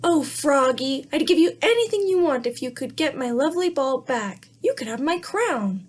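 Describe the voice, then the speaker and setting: A woman's voice: high-pitched, very animated, moderate pace, pitched above the performer's own voice. A woman voicing a spoiled little princess in a storybook read-aloud, speaking in a whiny, demanding way. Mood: eager.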